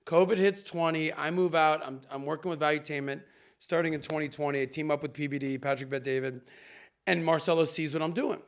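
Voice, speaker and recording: A man from Miami, a podcast guest, telling stories in an animated, chatty way with quick asides. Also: fairly high pitch. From Miami, USA. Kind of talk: casual storytelling chat.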